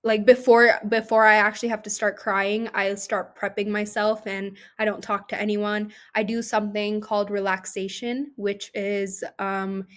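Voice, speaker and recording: A woman's voice: mid-range voice, flat delivery, moderate pace, hardly any pauses, fairly bright tone. Chatty young woman, lots of ums. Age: young adult. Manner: chatty, heavy use of "like" and "um". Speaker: actress, podcast guest. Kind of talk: casual interview chat.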